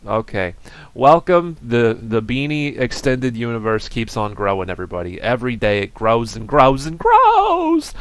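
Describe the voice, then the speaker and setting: A man's voice: mid-range voice, a bit bright, no room sound. A man voicing a goofy, cheerful male bean mascot in a comedy sketch, rambling in silly, self-mocking ad patter. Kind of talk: comedy sketch, break-screen video.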